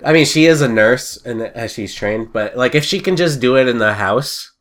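A young man chatting casually on a podcast, rambling and joking, and acting out little shouted scenes. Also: mid-range voice, animated, normal speed. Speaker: podcast host. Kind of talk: casual chat.

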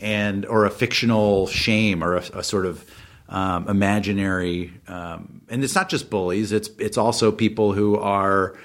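A man in casual podcast talk, reflective and pausing as he searches for words. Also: on the low side, steady tone, fairly bright tone.

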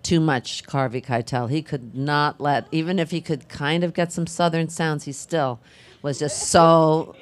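Older woman musing with halting restarts. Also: low voice. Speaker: actress on a film panel. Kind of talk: casual panel talk.

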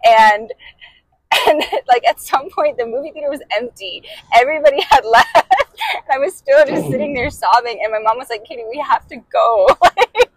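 An animated young woman co-hosting a casual podcast, her pitch jumping all over as she tells a story. Her voice sits a little high and is recorded dry and close, and she breaks into laughter often. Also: moderate pace, no echo, poor audio. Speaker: podcast co-host. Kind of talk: casual chat.

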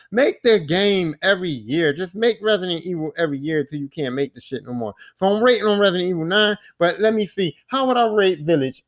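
A man hosting a podcast, retelling a video game's story in an animated, profane way and acting out the characters' lines. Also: sits high, creaky. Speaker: podcast host. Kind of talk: casual game recap monologue.

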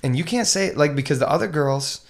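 A man talking casually as a podcast guest, animated and acting out quotes as he tells stories. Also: a little high, fairly quick, gravelly. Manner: animated storyteller, acts out quotes.

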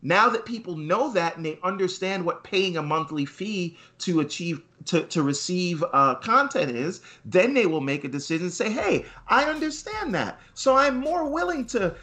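A man co-hosting a gaming podcast, talking in an animated and sarcastic way with faint music behind. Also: high-pitched, normal speed, hardly any pauses. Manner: animated, sarcastic, mock voices for effect. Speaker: podcast co-host. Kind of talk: casual gaming chat.

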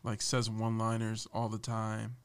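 This young podcast guest has a fairly low, clean-toned voice and keeps a moderate pace. He's an animated storyteller in a casual conversation, frequently laughing and doing loud impressions of his boss.

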